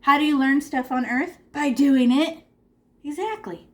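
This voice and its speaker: High, animated woman teaching kids. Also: a little slow. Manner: animated, encouraging, talks to kids. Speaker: art teacher. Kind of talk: online art class for children. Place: her room at home. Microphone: video call.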